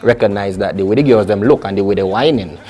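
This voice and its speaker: A young adult man, a soca artist chatting lively and casually in an interview. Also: fairly low pitch, fast, slightly rough. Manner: lively, chatty, full of restarts and local phrasing.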